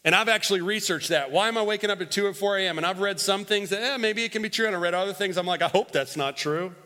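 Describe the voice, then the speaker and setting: A male pastor preaching a sermon, emphatic and repetitive, swinging between loud and hushed, leading the congregation in call-and-response. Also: sits high, fast. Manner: repeats phrases and leads the congregation in call-and-response. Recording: long hall reverb.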